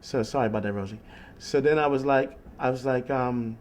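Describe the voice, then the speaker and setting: Rambling, animated man telling street stories. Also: medium pitch, fairly quick, a little hiss or hum. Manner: rambling, animated, repeats "you know what I mean". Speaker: host and street musician. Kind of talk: casual storytelling chat on a call.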